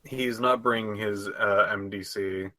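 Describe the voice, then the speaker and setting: A man with a fairly low but bright voice talks through his character's gear at a slow pace. He rambles a little and corrects himself. The sound is dry and close. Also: fairly even intonation, no room sound, low-quality recording. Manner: rambling, self-correcting, laughs easily. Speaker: player. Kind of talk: casual tabletop game play.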